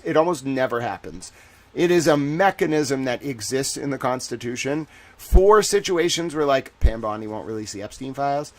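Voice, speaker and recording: A man hosting a livestream in casual commentary, talking in a rambling, animated way full of "like.". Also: medium pitch, normal speed. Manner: rambling and animated, heavy use of "like". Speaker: livestream host.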